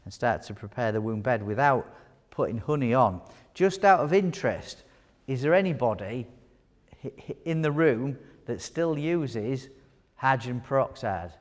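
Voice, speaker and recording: A man's voice: mid-range voice, lively intonation, normal speed. Chatty man teaching a hall. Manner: chatty, jokey, quizzes the audience. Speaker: wound care nurse presenter. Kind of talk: live conference teaching talk. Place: large hall with audience. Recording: long hall reverb.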